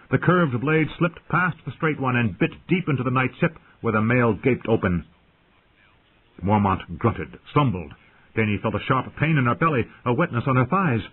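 Male audiobook narrator, husky, animated delivery, thin phone-like sound. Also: medium pitch. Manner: lively, dramatic reading. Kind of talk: dramatic fantasy narration.

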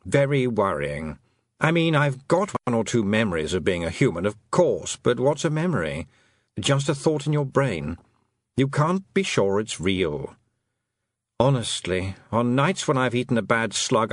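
Nervous talking toad, rambling, a touch husky, read by a man. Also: on the low side, no room sound, studio quality. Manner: rambling, fretful, musing. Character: anxious talking toad, once maybe human.

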